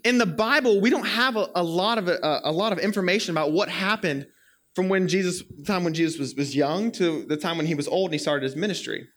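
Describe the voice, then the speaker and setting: Young guy preaching, high bright voice, tells stories in a playful animated way. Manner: animated storyteller, playful and quick. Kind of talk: sermon with personal story.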